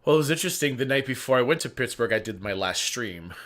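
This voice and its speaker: A man's voice: mid-range voice, lively intonation, fast talker, a bit bright. A man guesting on a casual stream, rambling chattily through profane anecdotes. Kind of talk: casual storytelling chat.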